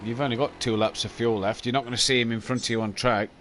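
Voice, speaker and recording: A man's voice: medium pitch, fairly even intonation, quick pace, a bit bright, slight background noise. Tired man chatting on a race stream. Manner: chatty, explaining. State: sleepy, late in an endurance stream. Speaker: stream host. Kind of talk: casual live-stream chat about a sim race.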